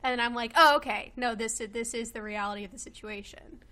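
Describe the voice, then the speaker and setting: Woman in her twenties from Kentucky, slightly high and bright, talking in a loose chatty way with plenty of fillers. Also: little pitch movement, brisk, a little hiss or hum. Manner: chatty, many fillers and laughs. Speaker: guest. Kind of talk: casual chat. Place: home with a loud pet bird.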